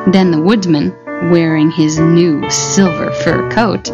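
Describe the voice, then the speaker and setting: A woman narrating a fairy tale in a dramatic, expressive storybook style. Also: lowish voice, slow, lo-fi sound. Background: loud music.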